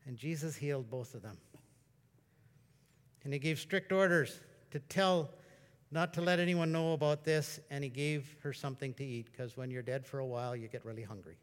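A man preaching a sermon in a conversational, storytelling way, at times breaking into excited exclamations. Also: medium pitch, normal speed. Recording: long reverb of a large hall.

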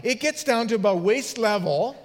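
A man's voice: high-pitched, animated, moderate pace. A middle-aged man, a pastor, preaching a sermon through funny anecdotes and laughing at his own stories. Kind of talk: humorous sermon storytelling. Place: church sanctuary. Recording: long hall reverb.

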